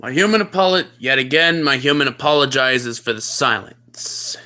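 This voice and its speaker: A woman voicing a weary plush-toy narrator who speaks in a dry, unimpressed, deadpan way in a comic live-stream skit. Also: rumbling low, normal speed, voice pushed down, full character voice.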